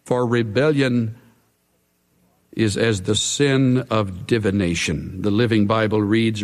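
A man preaching a sermon, emphatic and dramatic, dropping from full voice to a hush. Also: fairly low pitch. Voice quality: emphatic, swings from loud to hushed. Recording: long hall reverb.

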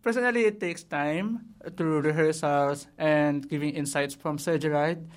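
Low-voiced young woman interviewee. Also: unhurried. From Philippines. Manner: earnest, laughs often. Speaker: orchestra scholar guest. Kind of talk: interview conversation.

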